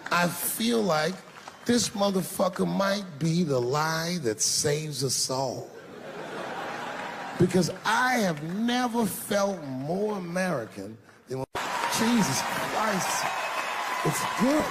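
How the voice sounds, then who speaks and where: A man's voice: high-pitched, slow, noisy background. Guy doing standup, voice jumps all over, long echoey hall sound. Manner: lively, punchy delivery with acted-out voices. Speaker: stand-up comedian. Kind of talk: stand-up comedy set.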